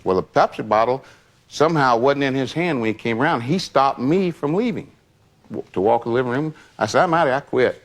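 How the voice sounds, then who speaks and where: A man's voice: mid-range voice, animated, a little fast. An older man telling a personal story in a rambling, casual way, with many asides. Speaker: longtime associate recounting memories.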